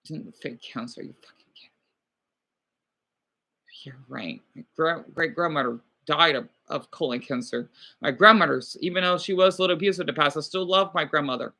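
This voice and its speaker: High, sharp-voiced rambling male streamer. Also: a little fast, gravelly. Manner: rambling, swearing, apologetic. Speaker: livestreamer. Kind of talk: casual livestream chat, reading viewer comments.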